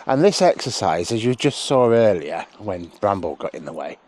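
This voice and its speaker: A man training a sheepdog out in a sheep field, calmly explaining each step and breaking off to call the dog in a high, loud voice. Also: moderate pace. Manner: relaxed explaining, broken by high shouted calls to the dog. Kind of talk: outdoor training demonstration with commentary.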